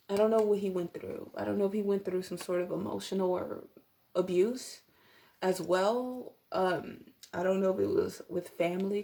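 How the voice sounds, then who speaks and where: A woman's voice: medium pitch, creaky, a little mellow. A young woman giving a casual tarot reading to camera at home, rambling with many fillers and apologetic asides. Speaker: tarot reader.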